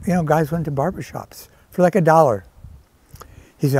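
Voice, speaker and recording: Older man, warm storytelling voice. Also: fairly high pitch, normal speed. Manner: animated storyteller who acts out quoted voices. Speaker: interviewee, celebrity hairdresser. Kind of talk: storytelling anecdotes.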